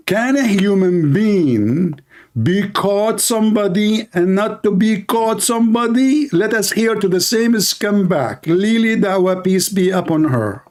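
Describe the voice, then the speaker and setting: A man streaming live commentary, taunting and insulting his opponents in broken English. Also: high voice. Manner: taunting, insulting, non-native grammar. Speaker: online debate streamer.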